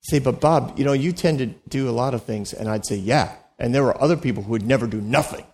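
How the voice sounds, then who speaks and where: A man's voice: medium pitch, quick pace, a little mellow. A man preaching a sermon as a pastor, in a conversational, joking way, acting out the voices he quotes.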